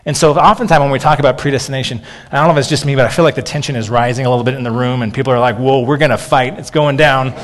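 A pastor in his thirties preaches to his congregation in a loose, conversational way, stumbling over words and leaning on "okay." His voice sits at an ordinary middle pitch. It rings out with a long reverb tail, as in a large hall. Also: fairly even intonation, racing. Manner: conversational, frequent "okay" and restarts. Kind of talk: sermon.

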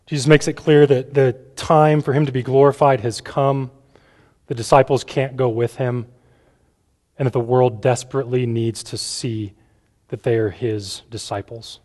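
A man's voice: medium pitch, a little mellow. A casual preaching man in a reverberant hall. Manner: casual, often asks "right?", repeats words. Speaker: pastor. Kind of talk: conversational sermon. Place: church room with a gathered audience.

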